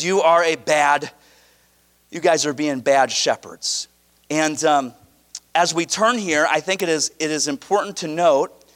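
A man preaching a sermon to his congregation, emphatic and animated, mixing scripture reading with casual asides. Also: sits high. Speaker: pastor.

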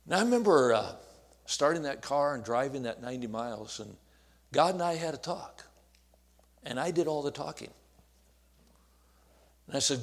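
A man in his sixties, an evangelist, telling a personal story in a folksy, earnest way, with restarts and hushed asides. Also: on the high side, lively intonation, normal speed, pauses often. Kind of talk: storytelling sermon.

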